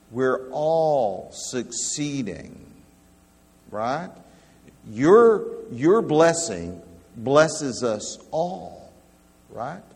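Slow-preaching man in a reverberant hall. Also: medium pitch, husky. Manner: slow, emphatic preaching that swings from hushed to loud. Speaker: pastor. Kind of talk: sermon.

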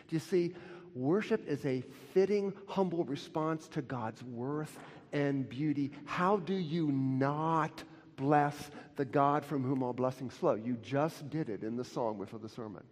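A man's voice: a little high, a little mellow. A middle-aged man preaching a sermon with passion, building to emphatic peaks, in a church sanctuary. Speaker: pastor. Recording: long hall reverb.

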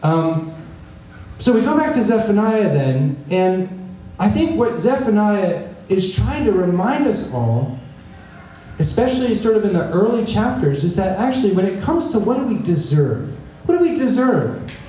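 This pastor's high-pitched, mellow voice swings widely in pitch at a normal pace while he preaches conversationally and keeps asking "right?" Heard from afar in an echoey room, the audio has a little hiss or hum.

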